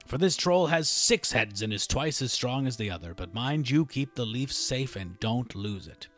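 A man's voice: mid-range voice, animated, normal speed, fairly bright tone, faint music behind, natural voice. A man voicing a wise, protective talking bull in a fairy tale, warning his companion in an earnest tone. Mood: urgent. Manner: earnest, cautioning.

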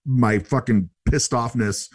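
This man speaks slowly, recorded with no room sound. Co-hosting a casual podcast that recaps a reality show, he gets animated, swears frequently, and jumps up high in pitch to mimic people.

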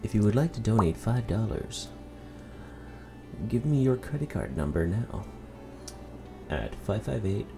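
A man voicing a mock automated phone line, with a slow, stilted, robotic delivery. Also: fairly low pitch, big pitch swings, gravelly, over music, exaggerated voice. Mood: mock-formal.

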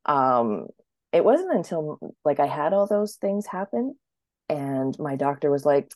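Low, mellow-voiced woman in her thirties. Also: moderate pace, no echo, clean studio sound. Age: 30s. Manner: chatty, acts out quotes with sudden high-pitched voices. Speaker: interview guest. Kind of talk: casual storytelling.

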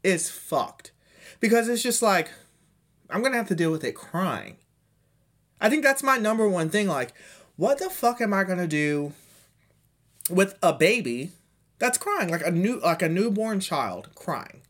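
A man's voice: high voice, very animated, measured pace, long pauses, fairly bright tone. A man in his thirties, a podcast host rambling through a profane, self-mocking comedic monologue. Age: 30s.

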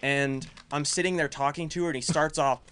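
Man, higher than usual pitch, casual host with a rowdy, profane storytelling style. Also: steady tone, a little fast, noisy background. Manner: rowdy storyteller acting out shouted quotes. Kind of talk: casual chat.

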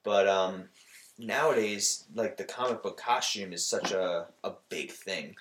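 A man hosting a casual podcast chat, animated and quick to laugh. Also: low-pitched, roomy sound, a little hiss or hum. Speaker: podcast host.

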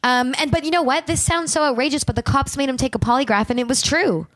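A woman casually telling a true crime story for laughs, animated and acting out the people in it. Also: high voice, quick pace. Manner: animated, acts out quoted people with swearing and asides.

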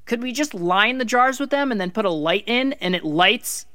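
A man bantering on a casual podcast, playful and dry with sarcasm. His voice has a bright, forward edge. He spins silly ideas out loud. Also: high voice, animated, normal speed, dry recording. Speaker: podcast co-host.

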